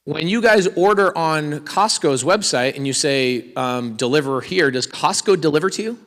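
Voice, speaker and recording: A man's voice: a little high, expressive, moderate pace, a bit bright, long reverb tail. A man giving a live real estate seminar, energetically quizzing the audience with questions and asking for raised hands. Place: large hall with an audience.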